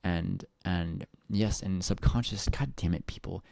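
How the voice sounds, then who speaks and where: A man with a very low, gravelly voice rambles to his audience in a personal monologue. He jumps between thoughts, restarts sentences and swears freely. The sound is dark and dry, close to the mic. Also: normal speed, no room sound. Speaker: vlogger.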